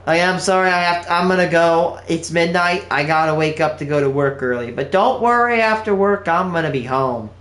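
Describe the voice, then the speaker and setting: A man's voice: a little high, fairly quick, few pauses, a bit bright. Chatty young male streamer, echoey room. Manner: chatty, earnest, rambling. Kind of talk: casual live-stream chat. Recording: echoey room with faint background hum.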